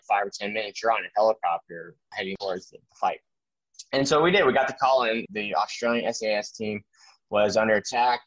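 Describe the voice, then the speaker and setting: A man recounts his army days in a loose, animated way, stumbling and restarting as he goes. The recording sounds muffled and lo-fi. The room adds almost no echo. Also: fairly low pitch. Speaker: army veteran guest. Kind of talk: casual storytelling interview. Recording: dry, dull lo-fi sound.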